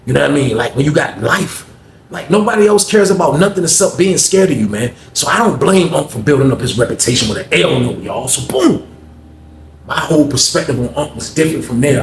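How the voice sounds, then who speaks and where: A young man, telling a story in a casual way, full of street slang and repeating "man" at the end of his lines. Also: medium pitch. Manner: laid-back street slang, says "man" a lot, acts out quoted voices. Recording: echoey room with faint hiss.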